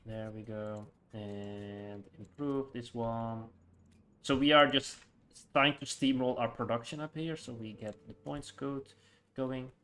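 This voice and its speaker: Guy streaming a city builder from home, bright voice, rambles and laughs a lot. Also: medium pitch, steady tone, takes it slowly. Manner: rambling, hesitant, full of fillers and frequent laughs. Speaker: game streamer. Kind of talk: casual live-stream chat while playing.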